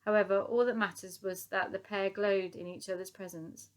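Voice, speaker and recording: A woman narrating a children's novel as an audiobook, telling it in a lively, expressive way. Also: medium pitch, normal speed.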